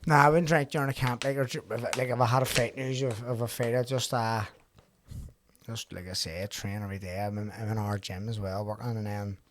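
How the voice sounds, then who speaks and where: A man's voice: on the low side, steady tone, fairly quick, a little hiss or hum. A man in his thirties hosting a podcast in casual chat, swearing freely, laughing often and telling stories in bursts. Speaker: podcast host.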